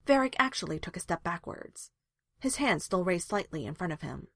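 A woman reads a romance story aloud, measured and expressive. Her voice is breathy and fairly low, with lively rises and falls. The sound is dry and close. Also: dry recording. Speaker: fan fiction reader.

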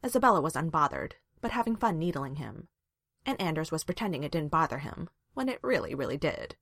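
A woman reading a fan fiction story aloud with expressive narration. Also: deep voice, fairly quick, no echo, studio quality. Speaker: reader.

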